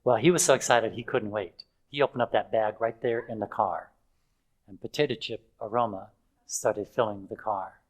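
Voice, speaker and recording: A man's voice: on the low side, steady tone, moderate pace, poor audio. An older man preaching in a chatty storytelling way, with fillers and frequent chuckles. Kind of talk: anecdotal sermon.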